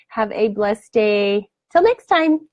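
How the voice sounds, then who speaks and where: A woman's voice: mid-range voice, expressive, slow pace, darkish tone, dry recording. A woman spiritual coach hosting a live stream, chatting with viewers and answering their comments in an effusive, affectionate way. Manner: effusive and affectionate, blows kisses.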